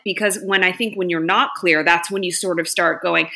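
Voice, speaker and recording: A woman's voice: fairly low pitch, steady tone, normal speed, few pauses, sharp tone. A woman co-hosting a casual podcast chat, reflective and acting out her inner voice.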